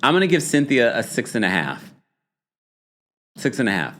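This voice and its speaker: A man's voice: mid-range voice, moderate pace. A man hosting a reality TV recap stream, chatty and laughing, reading chat comments and acting out taglines. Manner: animated, laughing, reads chat comments aloud; puts on a dramatic voice to read taglines. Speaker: host.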